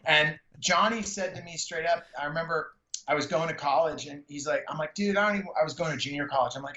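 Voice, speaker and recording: A middle-aged man from the San Francisco Bay Area tells stories in a casual, slangy way and keeps acting out quotes in a raised voice. His voice sits a little high and sounds bright and forceful. The recording has a roomy echo and a slightly dull tone. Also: fast talker. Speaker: stand-up comedian and podcast guest. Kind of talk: casual storytelling interview.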